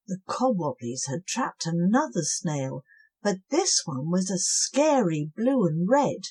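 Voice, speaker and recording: Slow, breathy woman reading a bedtime story. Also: fairly low pitch. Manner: slow and gentle, with lively swings. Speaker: children's storyteller.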